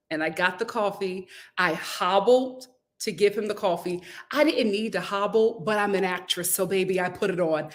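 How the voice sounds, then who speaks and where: A YouTube host runs a casual live stream, reading viewer comments aloud and telling a story in a chatty way. Her voice is mid-range and fairly bright, at a moderate pace.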